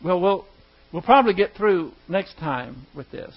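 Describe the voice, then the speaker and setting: High-voiced emphatic male preacher, lo-fi. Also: lively intonation, a little slow. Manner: emphatic, rhetorical questions, acts out quoted dialogue. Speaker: preacher teaching a class. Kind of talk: sermon-style teaching with prayer.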